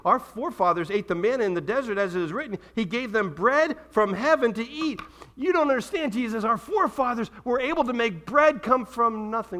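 A man preaching a sermon, animated, acting out the voices of people he quotes. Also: high voice. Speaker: pastor.

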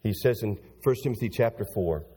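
Man, pastor, sermon, husky high voice, long hall reverb, dramatic swings in pitch and volume. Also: a little fast. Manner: animated preaching with big swings in pitch and loudness.

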